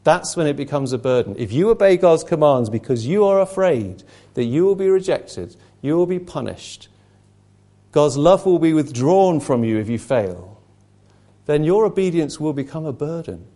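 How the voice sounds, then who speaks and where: A man's voice: on the high side, sing-song, moderate pace, warm tone. A man preaching a conversational sermon to a small group, earnest, repeating words as he restarts his sentences.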